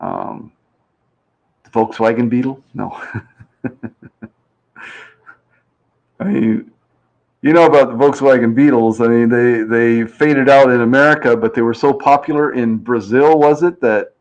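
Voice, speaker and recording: A man's voice: mid-range voice, measured pace, pauses often, darkish tone. A man hosting a game show live stream, chatting casually and reading out viewer comments. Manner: chatty and rambling, reads chat aloud, plays with pronunciations.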